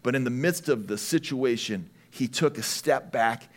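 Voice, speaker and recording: A man preaching a sermon as pastor, lively and emphatic, at times rising to shouts. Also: medium pitch, normal speed.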